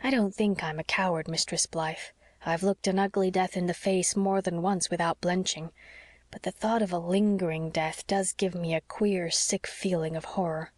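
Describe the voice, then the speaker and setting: A frail old sea captain, gentle and wistful, talking softly and slowly to a friend, as a woman reads him in a storybook. The voice sits low and is recorded close and dry, with no room sound. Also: steady tone, no echo, close to an everyday voice.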